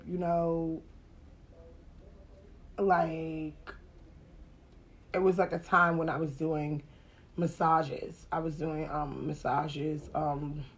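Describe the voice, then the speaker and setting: Lowish voiced woman w/ aave telling a story on a podcast, loose slangy cussing. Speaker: podcast host. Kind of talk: casual podcast chat.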